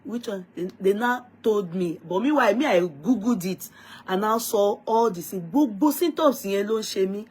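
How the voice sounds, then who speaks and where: A woman with a Nigerian accent telling a story to her viewers in a lively, dramatic way, slipping into Yoruba phrases. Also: medium pitch, moderate pace, slightly rough. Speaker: vlogger.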